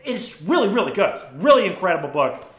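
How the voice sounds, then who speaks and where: Bright-voiced, profane young man. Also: high-pitched, very animated, fast. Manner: profane, enthusiastic storytelling. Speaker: vlogger. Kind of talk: casual book recommendations. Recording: echoey room.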